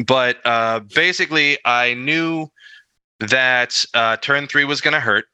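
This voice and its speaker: Man, podcast co-host, very bright tone, smooth and clear, dry close mic, rambling chat. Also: mid-range voice, takes it slowly, no room sound. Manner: rambling, many fillers, self-deprecating chuckles. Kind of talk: casual chat about tabletop gaming.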